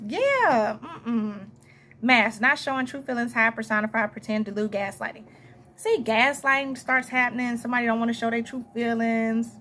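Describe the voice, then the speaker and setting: A woman's voice: fairly high pitch, fairly even intonation, moderate pace, pushed and bright, slight background noise. A young adult woman with a Southern US accent, chatting her way through a tarot reading in a rambling, casual monologue full of asides and laughs. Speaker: tarot reader.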